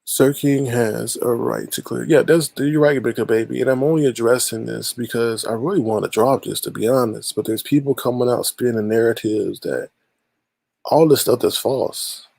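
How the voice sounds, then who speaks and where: A man hosting a casual call-in livestream, with a heavily gravelly, husky voice. He talks to callers and his chat by name and tends to repeat his phrases. The sound is dry and close. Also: medium pitch, moderate pace, darkish tone, no room sound. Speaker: livestream host.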